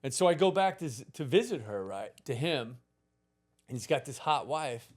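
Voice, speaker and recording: A man around sixty, a podcast guest telling a long personal story in a casual, animated way, swearing freely and laughing through it. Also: mid-range voice, moderate pace. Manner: animated, profane, laughs through his stories.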